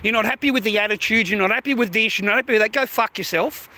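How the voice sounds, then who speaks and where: A man's voice: high voice, fast, pushed and bright, poor audio. A man hosting a livestream in a crude, sweary ranting chat, mocking his viewers and laughing often. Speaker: livestream host.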